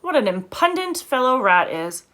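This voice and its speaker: A clever fox father talks brisk and upbeat, rallying his family, as a woman reads him. The voice is bright with lively swings. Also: sits high, voice pushed up, exaggerated voice.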